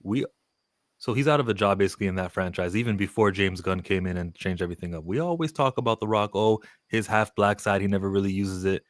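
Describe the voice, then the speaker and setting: A male caller on a live stream who rambles as he jokes, tripping over his words. His voice sits low, and the recording sounds dry and close. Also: quick pace, no echo. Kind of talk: joking call-in comment.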